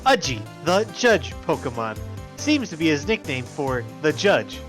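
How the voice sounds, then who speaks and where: A woman's voice: sits low, sing-song, a little slow, over music. A woman voicing a matter-of-fact young female scientist in a casual game reading.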